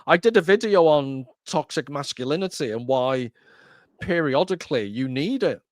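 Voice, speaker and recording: A man's voice: a little high, expressive, normal speed, dry recording. Man, podcast host, wry and rambling, dry close sound. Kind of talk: casual conversation.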